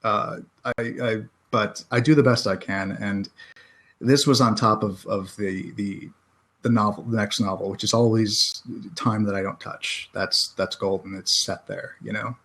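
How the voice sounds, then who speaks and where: Chatty American man, halting and self-deprecating. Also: on the low side, steady tone, fairly bright tone. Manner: halting, many restarts and self-deprecating laughs. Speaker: podcast guest, self-published author. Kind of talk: casual podcast chat.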